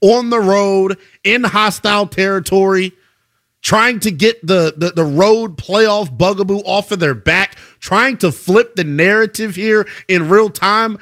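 A male sports radio host, animated and boastful, teasing his co-host and callers. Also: high-pitched, measured pace, no room sound, studio quality. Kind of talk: sports talk radio debate.

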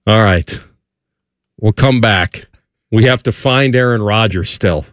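Male Midwestern sports radio host, excitable banterer, dry close mic. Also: fairly low pitch, slow, dry recording. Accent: Midwestern American. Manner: joking, excitable, teasing. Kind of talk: casual banter.

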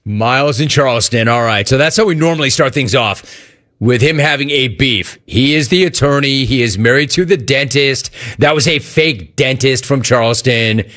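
Male radio call-in host, casual and jokey, middle pitch. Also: moderate pace, fairly bright tone. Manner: joking, riffing. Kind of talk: casual talk radio hosting.

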